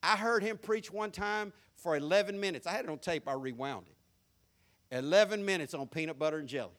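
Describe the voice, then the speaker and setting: A man with a high, light voice and a Southern country accent preaches a folksy sermon. He mocks pretension and swings from hushed asides to loud, hooping emphasis. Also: a little fast. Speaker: pastor.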